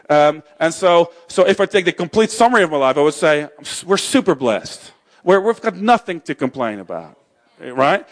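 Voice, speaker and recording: A middle-aged man giving a conversational talk on faith and suffering, with frequent restarts and joking asides. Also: on the high side.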